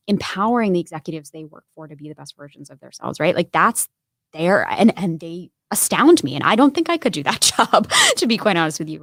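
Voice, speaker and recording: A woman's voice: fairly low pitch, no echo. A woman talking candidly as a podcast guest, earnest and chatty, often adding "like" and "right?". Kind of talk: candid conversational interview. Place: podcast studio.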